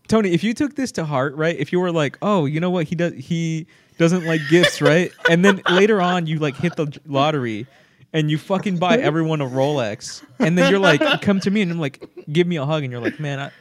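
A man's voice: on the high side, brisk. A young man in casual chat with friends, telling stories animatedly, acting out imagined dialogue and laughing often.

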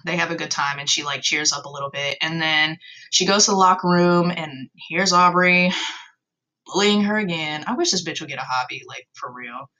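A woman's voice: sits low, bright, forceful tone, highs cut off. A young adult woman hosting a video, recapping a story in casual commentary with sarcastic, swear-filled, exasperated asides.

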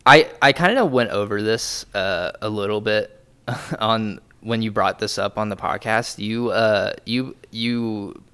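A man's voice: on the low side, a little slow, a bit bright, smooth. A young man co-hosting a podcast in casual chat, swearing often and laughing easily. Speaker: podcast co-host.

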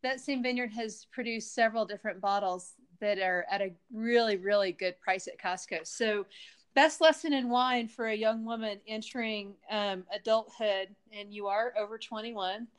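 A woman's voice: mid-range voice, normal speed, clear, resonant tone. A middle-aged woman hosting a podcast, chatting casually and enthusiastically. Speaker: podcast host. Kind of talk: casual chat.

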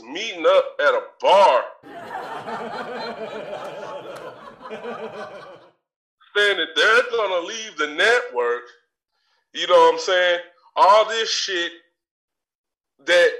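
A high-voiced man rants in a boastful, mock-furious comic tirade, swearing his way through it. His bright, slow delivery sounds off-mic in an echoey room. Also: far from the mic. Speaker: podcast co-host. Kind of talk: comedic rant in character.

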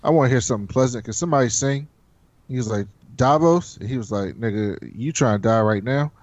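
A man's voice: medium pitch, brisk, no echo. A man talking casually with a friend, telling a long story and jumping into voices for each person in it. The sound is dry and close, with a slightly dull, lo-fi quality. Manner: animated storyteller acting out characters' lines. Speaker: podcast co-host recapping a TV episode. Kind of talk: casual chat.

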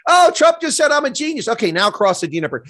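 A man's voice: high voice, fast talker, fairly bright tone, pitched above the performer's own voice. A man putting on a mocking impression of a smug, scheming male world leader. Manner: mocking, sing-song.

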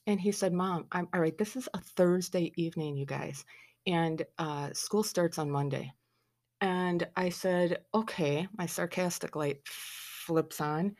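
Low-voiced storytelling Midwestern mother. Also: normal speed. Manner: animated, acts out quoted lines, sarcastic asides. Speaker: mother telling a family story. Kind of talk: casual storytelling.

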